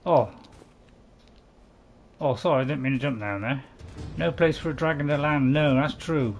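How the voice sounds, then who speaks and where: A man's voice: mid-range voice, moderate pace, pauses often, dull audio, soft background music. A man giving casual gameplay commentary, rambling and correcting himself with chuckling asides. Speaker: gaming channel host.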